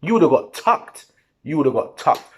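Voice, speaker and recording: With a fairly high, breathy-edged voice at a moderate pace, a man vlogs his post-match football reaction to camera. He sounds animated and heated, slangy and repetitive.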